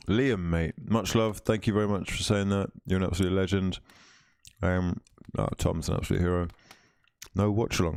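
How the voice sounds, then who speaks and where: Dry-sounding, low-voiced man hosting a stream. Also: no room sound. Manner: banters with chat, reads comments, teasing. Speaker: livestream host. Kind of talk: casual football watch-along chat.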